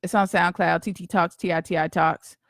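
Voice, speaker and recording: A woman's voice: on the low side, fairly even intonation, a little fast, fairly bright tone, dry recording, clean studio sound. A woman podcast host in casual live-stream chat, slangy and talkative, greeting viewers by name.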